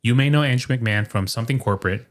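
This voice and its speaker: A podcast co-host with a medium-pitched voice talks rapid-fire into a studio mic during a casual chat. Chatty and full of stories, he performs the lines other people said.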